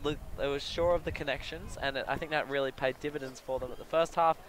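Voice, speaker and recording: A man giving live play-by-play commentary at an outdoor sports field, breaking into excited exclamations on big plays. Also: medium pitch, fast talker. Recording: crowd noise from an outdoor field.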